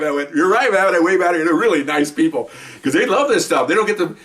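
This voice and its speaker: A man's voice: a little high, expressive, fast, a bit bright, distant mic. An older man, a retired police officer, casually telling a story from the job, acting out scenes with sudden yelps and laughter.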